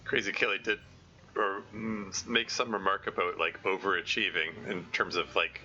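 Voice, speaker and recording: A man's voice: sits low, steady tone, normal speed, pushed and bright, muffled recording. A man casually commenting while playing through a visual novel, rambling with lots of fillers. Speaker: streamer. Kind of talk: casual let's play commentary.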